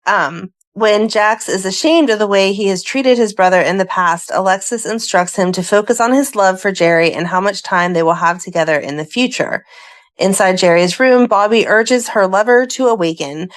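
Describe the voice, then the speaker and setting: A woman's voice: mid-range voice, normal speed. A woman co-hosting a fan podcast, reading plot recaps aloud and breaking off into chatty asides. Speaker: podcast co-host. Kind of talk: casual chat, reading episode recaps.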